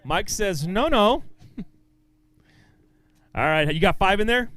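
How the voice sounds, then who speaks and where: Upbeat high-voiced male weigh-in announcer. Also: animated, slow, fairly bright tone, no room sound. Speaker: tournament weigh-in emcee. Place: outdoor fishing tournament weigh-in stage.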